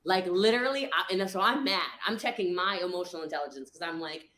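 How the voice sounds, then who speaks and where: A woman rambles through a story on a livestream, acting out each quoted line. Her voice is bright and forceful, and the room around her rings with echo. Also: fairly low pitch, quick pace, hardly any pauses. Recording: echoey room.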